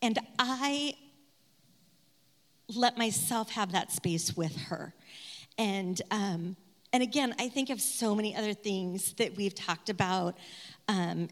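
A woman sharing a personal story, earnest and softly reflective. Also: mid-range voice. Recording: hall reverb.

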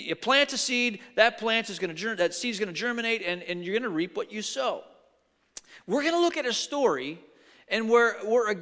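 A middle-aged male pastor's bright, forceful voice sits high as he preaches in a church sanctuary. His sermon features animated storytelling with acted-out quotes, and the sound carries long hall reverb.

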